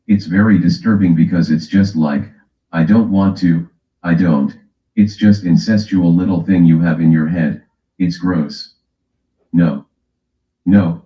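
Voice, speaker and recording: Brash stream host, a man with a low, slow voice, on roomy, dull audio. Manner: brash, teasing, calls out chatters. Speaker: livestream host. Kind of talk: casual stream chat.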